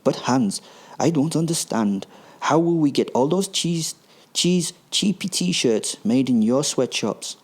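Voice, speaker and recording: Camp German plutocrat, whiny and slow-drawn, voice pushed high as a male podcaster puts him on. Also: lively intonation, slightly rough. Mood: puzzled. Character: whiny camp German slave-owning man.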